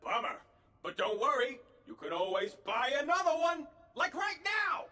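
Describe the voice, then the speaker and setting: A man voicing a pushy, upbeat male vending machine that pitches upgrades in a chirpy sales patter. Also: sing-song, normal speed, sharp tone, heavily acted. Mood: upselling.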